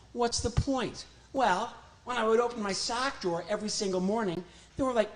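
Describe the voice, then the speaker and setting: A man doing family stand-up comedy as a ventriloquist, chatty, playful and self-deprecating. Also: high voice.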